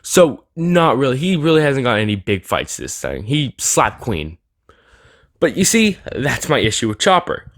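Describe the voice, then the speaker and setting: A man's voice: medium pitch, very animated, a little slow, no room sound, studio quality. Sarcastic young man ranting casually. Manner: rambling, sarcastic, with filler words and restarts. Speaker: anime YouTuber. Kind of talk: casual opinion rant.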